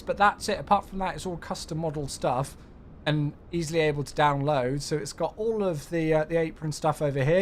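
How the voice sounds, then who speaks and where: A man's voice: fairly high pitch, a little hiss or hum. A man giving chatty live commentary while streaming a flight simulator and cheerfully greeting viewers.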